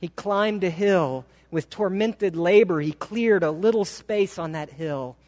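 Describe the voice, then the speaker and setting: Slow, dramatic storytelling preacher. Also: male voice, sits high, a little mellow. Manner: dramatic, slow, emotive reading. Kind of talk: sermon storytelling. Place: church sanctuary. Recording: long hall reverb.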